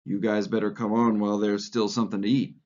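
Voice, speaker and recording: A man reading the part of a calm, dignified male mule driver who speaks matter-of-factly. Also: lowish voice, fast, close to an everyday voice. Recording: lo-fi recording.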